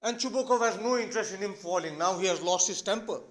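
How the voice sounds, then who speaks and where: Indian english male teacher, explains a play to students, fairly high voice. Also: quick pace. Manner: explanatory, with frequent "all right?" checks.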